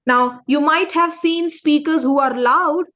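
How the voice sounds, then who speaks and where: Leading an interactive public speaking lesson for young students, a woman speaks at a measured pace in a high voice. She poses questions to the class and acts out her points in a lively, demonstrative way.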